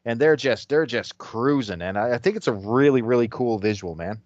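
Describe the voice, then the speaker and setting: A man co-hosting a casual comic book review chat, often laughing and putting on gruff voices when he reads lines. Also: mid-range voice, animated, moderate pace, darkish tone, dry recording. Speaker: podcast co-host. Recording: dull lo-fi dry sound.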